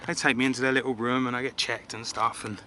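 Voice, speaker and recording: An English travel vlogger rambles casually while out in a city, poking fun at himself and using lots of filler words. His medium-pitched voice stays fairly flat and quick, with background noise behind him.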